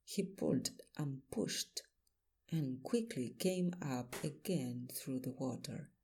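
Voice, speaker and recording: A man narrating a first-person detective story in a measured, plain audiobook reading. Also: medium pitch, creaky, a little mellow, breathy edge.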